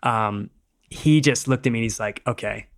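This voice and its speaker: A man's voice: mid-range voice, moderate pace. A middle-aged man, a podcast guest, telling a casual story in a rambling way, acting out what people said and using many "like"s.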